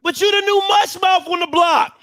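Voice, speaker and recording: High-voiced man ranting and mocking. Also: noisy background. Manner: mocking, rapid-fire rhetorical questions, bursts of shouting. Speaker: show host. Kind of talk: heated commentary rant.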